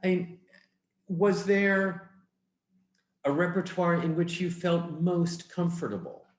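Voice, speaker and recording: A man's voice: high voice, slow. Attentive male interviewer, echoey room. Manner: attentive, supportive listener, asks questions. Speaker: interviewer, arts organization head. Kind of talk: oral history interview.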